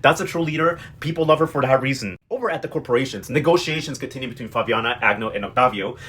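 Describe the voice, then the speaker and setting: A man's voice: medium pitch, fast, fairly bright tone, breathy edge. A young man recapping a TV novela in a sassy, dramatic, emotionally invested way. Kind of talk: casual pop-culture recap.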